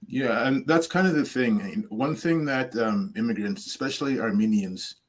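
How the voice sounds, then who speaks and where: A man talking as a guest on a casual panel show, relaxed and joking, with fillers. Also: medium pitch, moderate pace.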